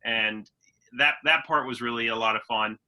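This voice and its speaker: A man's voice: mid-range voice, moderate pace, sharp tone, a little hiss or hum, low-quality recording. A man co-hosting a podcast, chatting in an easygoing way with fillers and restarts. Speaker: podcast co-host. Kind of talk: casual chat.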